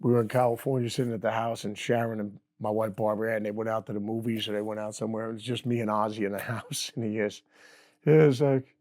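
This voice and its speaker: Middle-aged man, relaxed anecdote teller, easy laughs. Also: lowish voice, fast talker. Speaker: guest guitarist. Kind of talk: casual storytelling.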